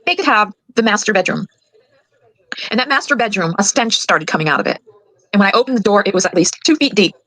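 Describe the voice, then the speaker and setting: An older woman and grandmother giving her side of a family conflict, fast and indignant, getting worked up as she talks. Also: mid-range voice, fairly bright tone, no echo, poor audio. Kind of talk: emotional recorded account.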